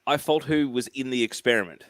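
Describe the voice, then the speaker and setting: A man in a casual podcast chat, giving emphatic, animated opinions. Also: mid-range voice, a little fast, dry recording. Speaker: podcast co-host.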